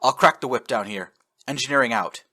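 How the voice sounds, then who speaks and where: A man's voice: medium pitch, brisk, pushed and bright. A man voicing a grim male engineering officer calling over the ship's intercom.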